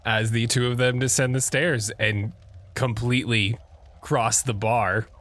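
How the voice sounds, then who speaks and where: A man narrating as game master in a tabletop game, measured and descriptive. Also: mid-range voice, steady tone, fairly bright tone.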